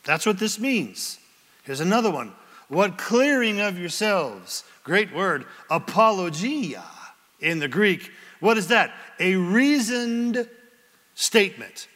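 A high, bright male voice preaching with lively, theatrical energy, slipping into quick character voices to make a point. He addresses a congregation in a church. The sound carries a long reverb from a large hall. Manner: animated, acts out little scenes in different voices. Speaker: pastor. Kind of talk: sermon. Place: church sanctuary before a congregation.

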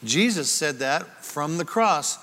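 A man preaching an expository Bible teaching sermon, swinging from booming scripture reading to quiet asides. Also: expressive, slow pace, long reverb tail. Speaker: pastor.

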